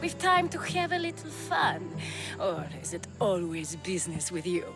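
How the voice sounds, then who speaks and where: A sultry, teasing madam. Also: female voice, on the low side, big pitch swings, moderate pace, music in the background.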